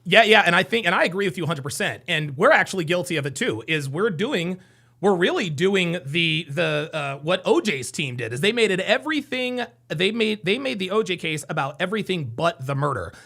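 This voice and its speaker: Casting: male call-in host, high lively voice, bright, gravelly edge. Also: fairly quick. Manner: animated, exclaims loudly. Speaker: live stream host giving dating advice. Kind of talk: casual call-in chat.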